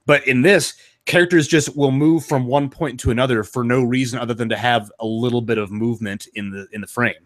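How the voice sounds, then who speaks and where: A man's voice: medium pitch, fairly even intonation, fairly quick, few pauses, a bit bright, no echo, clean studio sound. A man co-hosting a casual movie-review podcast, chatty and filler-heavy as he picks films apart. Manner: chatty, full of ums and likes. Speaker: podcast co-host.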